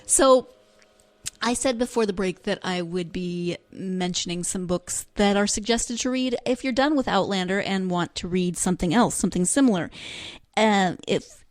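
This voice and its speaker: A woman's voice: mid-range voice, normal speed, dry recording. A woman hosts a solo book podcast, talking in a chatty, self-deprecating way. Her voice sits in a middle register and is recorded dry and close. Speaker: podcast host. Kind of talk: casual solo podcast talk.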